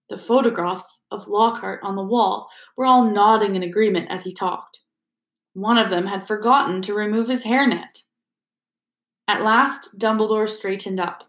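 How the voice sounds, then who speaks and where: A woman narrating an audiobook in a measured, expressive way. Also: medium pitch. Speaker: audiobook reader. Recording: roomy echo.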